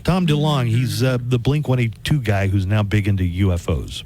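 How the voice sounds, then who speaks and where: A man's voice: on the low side, fairly even intonation, normal speed, darkish tone. A man hosting a radio show, chatting casually on air with jokey, rambling asides. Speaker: radio host. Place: radio studio. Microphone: studio microphone.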